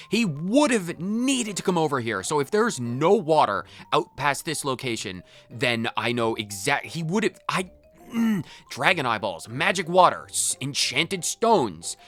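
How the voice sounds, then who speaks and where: Man ranting in character over a game, super lively pitch, faint game music in the back. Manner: exasperated, ranting. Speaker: let's play streamer. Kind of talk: in-character role-play commentary.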